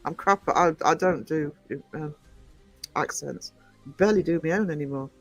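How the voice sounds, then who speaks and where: A man's voice: on the high side, normal speed, soft background music. A man streaming live, chatting with his viewers in an affectionate, scattered way. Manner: chatty, affectionate, calls viewers sweetie and darling; scattered, frequent ums and trailing off while reading chat. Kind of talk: casual live-stream chat.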